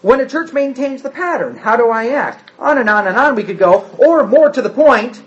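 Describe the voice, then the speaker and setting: A high-voiced man preaching a sermon, acting out quoted speech with sudden jumps up and drops to a hush. The recording is dull and lo-fi, with the top end muffled. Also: moderate pace. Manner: animated, acts out quotes with big swings in pitch and loudness.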